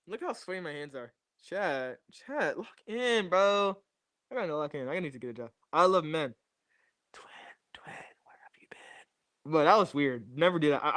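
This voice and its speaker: A man's voice: fairly high pitch, pushed and bright, dry recording. A young man rambling and joking to his chat during a casual livestream, repeating catchphrases on a new mic. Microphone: new streaming mic.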